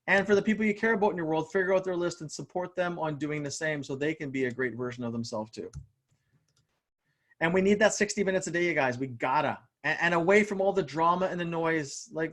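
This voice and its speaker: Energetic male motivational speaker, high voice, stumbles and repeats words, talks straight to "you guys" over a video call. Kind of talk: live online motivational talk.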